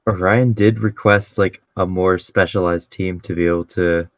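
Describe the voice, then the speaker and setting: Low-pitched man, dry and close. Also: fairly even intonation, moderate pace, no echo. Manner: laughing often, crude and joking. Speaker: game master. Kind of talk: casual chat between players.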